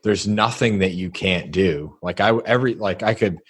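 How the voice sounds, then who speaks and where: A middle-aged man, a podcast guest, telling his life story in an earnest, halting way with many restarts. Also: low voice, slightly rough. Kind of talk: casual storytelling interview.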